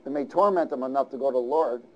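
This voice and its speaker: A male pastor preaching a sermon in a lively, conversational way, often asking the audience questions. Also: medium pitch, fast, muffled recording.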